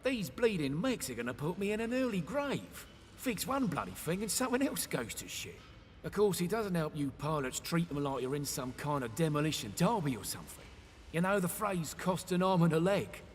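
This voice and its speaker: A man's voice: on the high side, big pitch swings, moderate pace, slight background noise. An actor playing a grumbling male mech technician with an Australian accent, in game audio. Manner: grumbling, slangy, informal. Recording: game audio with long reverb.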